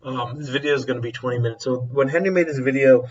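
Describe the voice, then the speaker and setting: This male teacher speaks fast in a mid-range voice while chatting casually to camera, wandering off topic, chuckling, and breaking off to fix what he said. The mic is far away, the recording is muffled, and a crowd can be heard behind him.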